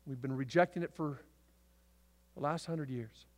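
A man preaching a sermon to his church, swinging from loud, emphatic declarations to hushed asides. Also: on the high side, normal speed. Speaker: pastor. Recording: long hall reverb.

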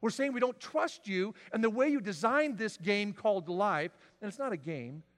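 A man preaching a sermon, swinging from loud, emphatic declarations to quiet, drawn-out lines. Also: sits high, lively intonation, big-room sound. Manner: dramatic swings from shouting to near-whisper. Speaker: pastor.

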